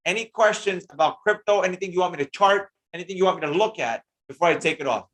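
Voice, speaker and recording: Energetic man hosting a trading stream. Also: high voice, fast talker. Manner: energetic, slangy, hypes up viewers by name. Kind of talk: live-stream Q&A reading chat comments.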